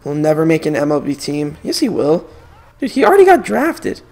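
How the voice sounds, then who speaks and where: A man's voice: on the high side, brisk. A young man streaming a video game, chatting casually and giving opinionated sports takes. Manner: opinionated, animated sports banter. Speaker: gaming streamer. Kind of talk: casual chat while playing a video game.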